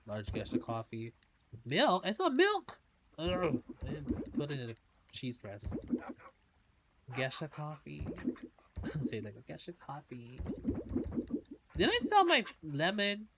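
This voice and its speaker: A man's voice: mid-range voice, big pitch swings, a little slow, heavy background noise. A man streaming a game, chatting casually in a rambling way and swearing now and then. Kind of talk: casual gameplay chat.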